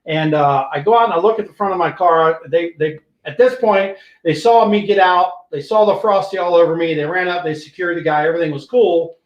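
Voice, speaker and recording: An older man, a retired police sergeant, hosting a podcast and telling an animated, profane story that acts out what people said. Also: on the high side, a little fast, few pauses, reverberant, highs cut off. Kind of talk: casual storytelling.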